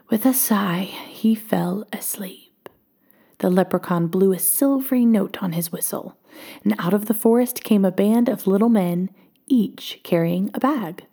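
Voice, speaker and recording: A woman reading a children's storybook aloud, expressive and often dropping to a hush. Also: medium pitch, creaky, husky.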